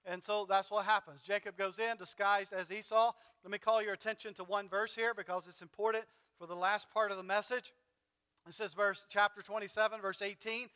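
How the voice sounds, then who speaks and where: A man's voice: sits high, fairly even intonation, brisk, pushed and bright, big-room sound. A man pastor preaching a sermon in a conversational way, dramatically retelling a story with fillers. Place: church sanctuary.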